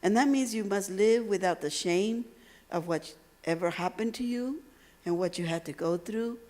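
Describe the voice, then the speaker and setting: A woman from Texas giving a motivational speech at a university, telling stories with emphatic phrasing and dramatic pauses. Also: mid-range voice, a little mellow. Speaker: motivational speaker. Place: university lecture hall.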